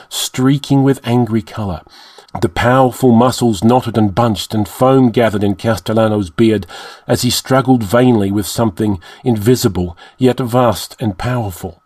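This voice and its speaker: A man narrating a dark fantasy story in a measured, dramatic reading. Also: on the low side, dry recording. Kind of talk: audiobook narration.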